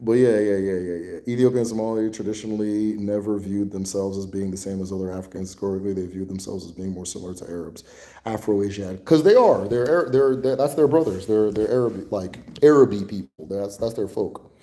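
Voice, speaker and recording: Laid-back low-voiced man. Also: fairly quick, dark tone. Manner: loose, rambling, swears and chuckles often. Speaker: host answering viewer questions. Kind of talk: casual livestream Q&A.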